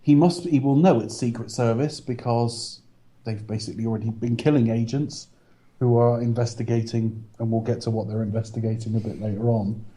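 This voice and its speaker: A man's voice: mid-range voice, steady tone, a little fast, dark tone, low-quality recording. A man co-hosting a casual film review podcast, recapping the plot at length with dry asides. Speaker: podcast co-host.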